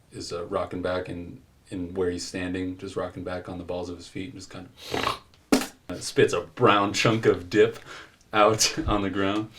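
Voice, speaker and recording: Brief: low-voiced male game master, casual scene-setting narration. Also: a bit bright. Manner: loose, filler-heavy narration.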